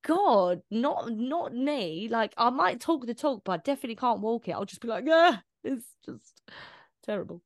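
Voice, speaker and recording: A woman's voice: on the high side, normal speed, few pauses, no room sound. Chatty woman, dry close sound. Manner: animated, swearing, laughs often, restarts a lot. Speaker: podcast co-host. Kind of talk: casual chat.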